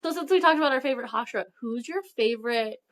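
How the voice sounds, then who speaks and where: A woman's voice: fairly high pitch, quick pace, fairly bright tone. A woman co-hosting a podcast in casual chat, using a lot of "like" and acting out characters' lines. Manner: fillers of "like", acts out characters' lines. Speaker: podcast co-host.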